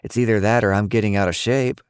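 A boastful, joking old grandfather, as a male narrator plays him with a deep, low voice. He jests with mock grandeur. The sound is dry and close, like a storybook reading. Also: fairly even intonation, fast talker, clean tone, no echo, lightly acted. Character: playful, boastful elderly grandfather.

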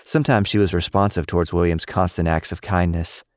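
A man narrating a story in a steady, even storytelling manner. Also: deep voice, fairly quick, dry recording, clean studio sound. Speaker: audiobook narrator. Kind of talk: scripted narration.

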